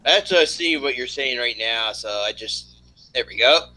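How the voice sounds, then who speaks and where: A man's voice: medium pitch, lively intonation, normal speed, bright, forceful tone, no echo, poor audio. A man hosting a casual online chat show, rambling with many fillers and restarts, mildly hungover. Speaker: host.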